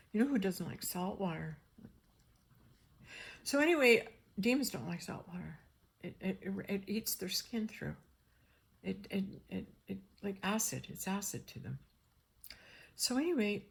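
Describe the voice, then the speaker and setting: An older woman telling a personal story in a rambling, animated way, acting out the dialogue. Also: medium pitch, vocal fry, slightly rough. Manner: rambling, animated, acts out dialogue in shifting voices.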